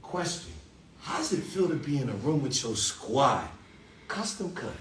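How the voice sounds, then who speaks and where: A man speaking as a dean to a group of young men, giving a motivational speech and leading call-and-response chants, moving from low confiding talk to loud calls. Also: big pitch swings, unhurried, echoey room, far from the mic, a little hiss or hum. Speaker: dean leading a youth ceremony.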